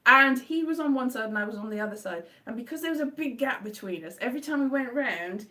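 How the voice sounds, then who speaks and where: A woman talks fast, sitting far from the mic, chatting casually on a live stream. Her rambling stories are full of restarts and self-corrections, and she's animated, jumping into high-pitched acted exclamations.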